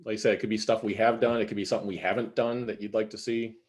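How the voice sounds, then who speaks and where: A man's voice: fairly low pitch, little pitch movement, rapid-fire, a little mellow. A man hosting a podcast over a video call, easygoing and asking listeners what they would like. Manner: easygoing, encouraging, asks listeners for input. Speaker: podcast host. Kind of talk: casual chat.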